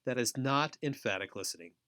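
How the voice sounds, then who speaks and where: Male educator, mid-pitched, measured lecture delivery with repeated phrasing. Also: expressive, sharp tone. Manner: deliberate, repetitive phrasing. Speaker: foster care educator. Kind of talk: recorded lecture.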